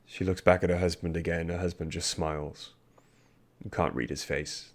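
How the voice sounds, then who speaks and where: A man's voice: low-pitched, steady tone, normal speed. A man running a tabletop fantasy game, narrating scenes and voicing characters with loose, rambling asides. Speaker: game master.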